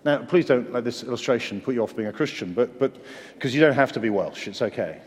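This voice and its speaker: A man's voice: medium pitch, expressive, fast. An English man preaching a sermon, earnest and conversational, with self-deprecating humor. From England. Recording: long hall reverb.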